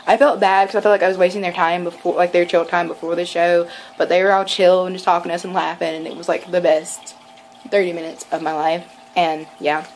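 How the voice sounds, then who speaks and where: A woman's voice: on the low side, flat delivery, a little fast, slight background noise, poor audio. A woman, telling a rambling story to camera at home with lots of fillers. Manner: rambling and chatty, with many fillers and restarts. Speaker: vlogger.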